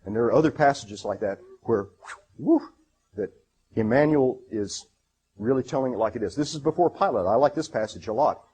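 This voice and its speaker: Husky halting male lecturer. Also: mid-range voice, lively intonation, darkish tone. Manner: halting, many fillers and restarts; enthusiastic. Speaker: presenter. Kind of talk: lecture presentation, reading passages aloud.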